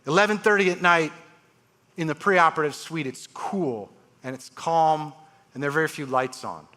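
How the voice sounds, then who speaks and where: On stage at a big live event hall, a male transplant surgeon shares surgery stories at normal speed. His bright, forceful voice sits a bit high for a man, and he animatedly varies his delivery, voicing each patient.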